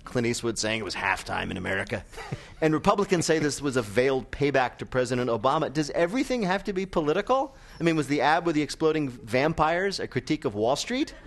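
A man's voice: fairly high pitch, big pitch swings, fast. A man hosting a comic news quiz on stage, delivering jokes in a wry, teasing way. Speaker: quiz show host. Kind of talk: comic panel show hosting. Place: stage before a live audience. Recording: live audience and room noise.

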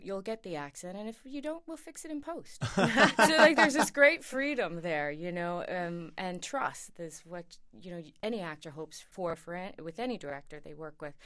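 A woman from Queens, an actress guest on a radio show, telling lively stories and acting out the quotes. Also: sits low. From Queens, New York. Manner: animated storyteller who acts out quotes. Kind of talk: interview anecdote.

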